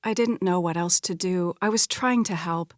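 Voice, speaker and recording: A woman's voice: fairly low pitch, moderate pace, no echo, clean studio sound, natural voice. A woman reading an audiobook, voicing an earnest, apologetic young woman. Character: spirited, apologetic young twin sister.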